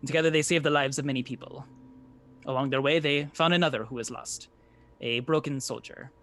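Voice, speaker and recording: A man voicing a grandiose male traveling storyteller with a Sicilian Italian accent, reading a written tale aloud in a solemn, measured way. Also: medium pitch, a bit bright, natural voice.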